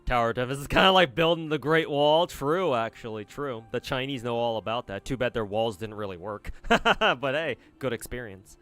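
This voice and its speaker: A man's voice: medium pitch, animated, normal speed, hardly any pauses, a bit bright, smooth. A young man streaming games, rambling casually, swearing and answering chat messages. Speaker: gacha game streamer.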